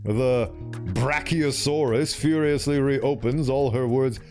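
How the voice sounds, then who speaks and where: A man's voice: mid-range voice, steady tone, takes it slowly, a little mellow, faint music behind. A young man streaming, reading a visual novel aloud and rambling through commentary with chuckling, self-interrupting asides.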